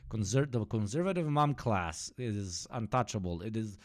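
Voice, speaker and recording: A man co-hosting a live stream, ranting in animated bursts with heavy swearing. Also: fairly low pitch, moderate pace. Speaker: streamer co-host. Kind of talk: casual live-stream chat.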